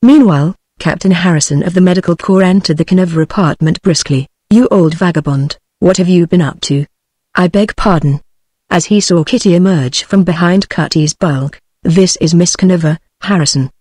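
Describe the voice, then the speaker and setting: A synthetic British English woman's voice reading a novel aloud with an even, steady audiobook delivery. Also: lowish voice, husky, dry recording. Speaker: audiobook narrator.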